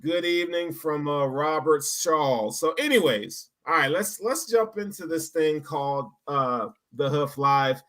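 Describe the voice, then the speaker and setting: A man hosting a casual sports podcast, joking loudly and giving shout-outs to viewers. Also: fairly high pitch, animated, unhurried, hardly any pauses. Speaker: podcast host.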